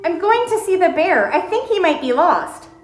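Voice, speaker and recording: A woman's voice: extremely high pitch, big pitch swings, moderate pace, roomy sound, faint music behind, pitched above the performer's own voice. A woman voicing a small, brave young female mouse who talks in an earnest, polite way.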